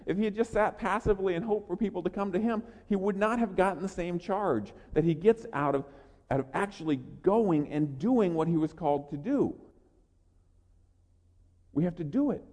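A man preaches an energetic, earnest sermon, often repeating his words as he presses a point. His voice sits high for a man. It carries with the long reverb of a church sanctuary. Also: moderate pace. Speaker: pastor. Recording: long reverb of a large hall.

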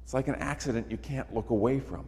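A man's voice: mid-range voice, fast, warm tone. A man preaching a sermon emphatically, repeating phrases for effect. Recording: long reverb of a large hall.

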